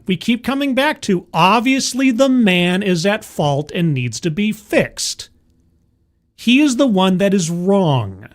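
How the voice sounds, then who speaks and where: A streamer doing sarcastic, exasperated commentary on a video during a live stream. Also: medium pitch.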